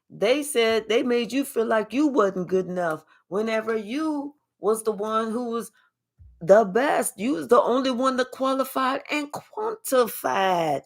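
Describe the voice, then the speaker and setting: A woman giving a spiritual reading as a blunt, sassy storytelling monologue full of slang. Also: on the high side. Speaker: spiritual reader.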